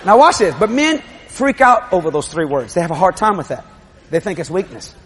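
Animated high-voiced older preacher. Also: male voice, brisk, breathy edge. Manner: animated, shouting and laughing, acting out scenes. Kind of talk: sermon.

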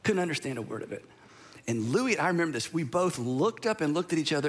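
A man's voice: fairly high pitch, animated, quick pace, a little hiss or hum. A middle-aged man, a pastor preaching a sermon in a conversational, storytelling way with asides. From Southern United States.

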